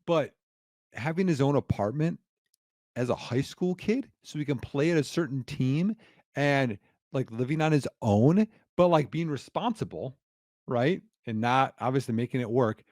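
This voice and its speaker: A man's voice: medium pitch, lively intonation, normal speed, a little mellow, no echo. Rambling man on a dry mic. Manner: rambling, filler-heavy, restarts. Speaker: podcast co-host. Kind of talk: casual sports podcast chat.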